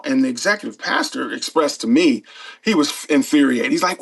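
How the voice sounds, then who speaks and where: A man's voice: a little high, a little fast, creaky, rough recording. A middle-aged man, a pastor and former pro football player, telling stories in an earnest, casual way, with frequent fillers. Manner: earnest, animated when retelling, frequent fillers. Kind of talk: casual storytelling interview.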